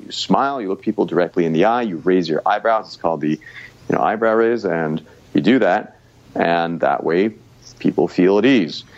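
A man as the guest expert in a podcast interview, explaining public speaking in an animated, coaching way. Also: low-pitched, dull audio. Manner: animated, coaching, uses quoted inner voices.

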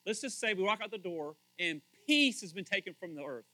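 A man preaching a casual, conversational sermon as pastor, animated and questioning his listeners. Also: high voice, a little fast, dry recording, rough recording. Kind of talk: casual sermon, Bible teaching.

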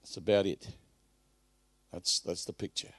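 A man preaching a live sermon at a church service, emphatic, swinging from loud bursts to hushed asides. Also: low voice, steady tone, measured pace, no room sound.

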